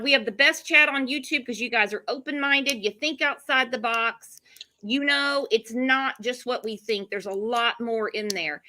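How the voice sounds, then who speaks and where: Bright high-voiced woman hosting a live stream. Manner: chatty, fast asides to chat. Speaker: livestream host. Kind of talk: casual live-stream chat.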